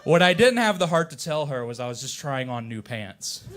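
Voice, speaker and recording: A man's voice: mid-range voice, sing-song, moderate pace, fairly bright tone, a little hiss or hum. A man wrapping up a stand-up comedy set at a coffee shop open mic with a crude punchline.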